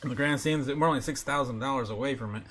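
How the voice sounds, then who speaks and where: A man's voice: medium pitch, fast talker, fairly bright tone, soft background music. A man hosting a livestream, laughing often and chatting loosely with many fillers as he reads the chat. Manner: giggly, filler-heavy, reads chat aloud. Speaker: livestream host.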